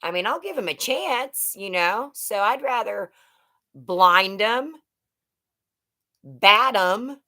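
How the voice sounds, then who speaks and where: A woman's voice: mid-range voice, animated, slow, long pauses, sharp tone. A middle-aged woman hosting a casual livestream, rambling and chatting as she reads out viewer comments. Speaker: livestream host. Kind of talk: casual live chat with viewers.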